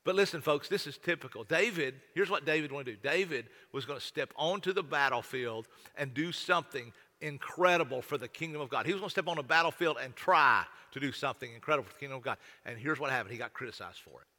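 A man's voice: fairly high pitch, quick pace, few pauses, pushed and bright. A man preaching a sermon in a folksy, repetitive way, often stammering and restarting as he talks to the congregation. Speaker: pastor. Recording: long hall reverb.

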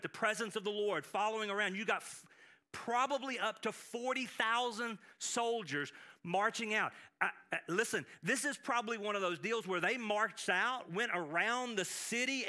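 Pastor guy preaching, high bright voice, keeps restarting and acting out quotes. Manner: animated preaching with many restarts and acted quotes. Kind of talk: sermon.

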